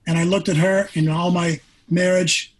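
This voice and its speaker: A man in his sixties, a former pro quarterback, telling a personal story as a podcast guest, earnest and animated, acting out what people said. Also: sits high, moderate pace, low-quality recording.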